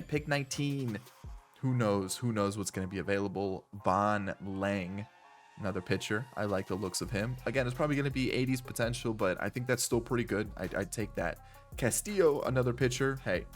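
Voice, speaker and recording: A congested young man with a stuffy nose, talking through his gameplay in a lowish voice. He thinks aloud, restarts his sentences and weighs each choice, with faint music playing behind him. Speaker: gaming YouTuber. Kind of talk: casual gameplay commentary.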